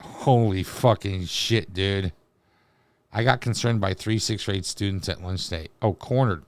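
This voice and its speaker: A man's voice: deep voice, normal speed, dry recording. A man hosting a reaction video, ranting in a crude, mocking way with constant swearing. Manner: crude, mocking, rambling rants with heavy swearing. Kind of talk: profane reaction commentary.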